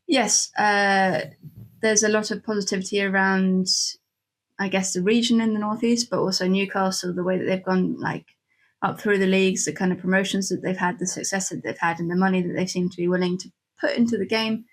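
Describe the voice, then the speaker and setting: A woman's voice: medium pitch, fairly even intonation, brisk. A woman co-hosting a football podcast, thinking aloud in a thoughtful, hedging way. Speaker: podcast co-host. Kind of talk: casual football podcast chat.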